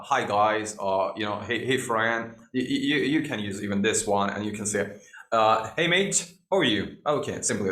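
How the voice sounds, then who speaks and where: A man's voice: fairly low pitch, a bit bright. A man teaching a spoken lesson, repeating phrases and filling gaps with "you know". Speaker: English teacher. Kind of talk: online spoken English lesson. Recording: echoey room.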